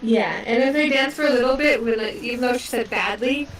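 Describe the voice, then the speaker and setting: A woman's voice: on the high side, fairly quick. A woman playing a tabletop game, hesitant with short dry replies. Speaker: player. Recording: roomy, distant from the mic, faint hiss.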